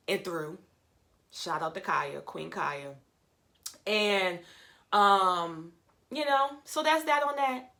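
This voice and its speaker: A woman recaps a reality TV episode from her room at home. She talks in a casual, blunt way with plenty of swearing, and her voice is bright and forceful as she trash-talks the cast. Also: mid-range voice. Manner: blunt, profane, animated trash talk. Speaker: reality TV commentator.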